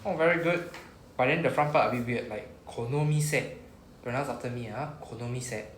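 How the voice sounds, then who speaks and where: A man with a Singaporean English accent leads a class, patient and methodical, modelling phrases for students to repeat. His mid-pitched voice carries a roomy echo, with faint noise in the background. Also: fast talker, a bit bright. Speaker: Japanese teacher. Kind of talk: classroom teaching. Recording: echoey room with faint noise.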